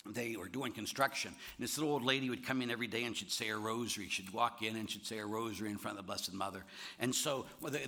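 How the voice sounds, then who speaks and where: A middle-aged Catholic priest delivers a sermon with a bright, ringing tone. His pitch swoops up and down as he acts out stories. He moves from loud bursts to hushed, low asides. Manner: animated storytelling with shouted bits and sudden drops to quiet.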